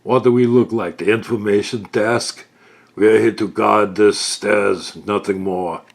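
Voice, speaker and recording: Man doing a surly loud dungeon guard. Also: lowish voice, fairly even intonation, unhurried, vocal fry, voice pushed up. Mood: gruff. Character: surly male dungeon guard, hired fighter.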